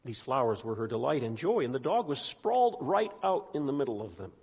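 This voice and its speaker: A man preaching a sermon in a church, animated, swinging between loud emphatic peaks and quiet asides. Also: medium pitch, brisk, slightly rough. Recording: echoey hall with long reverb.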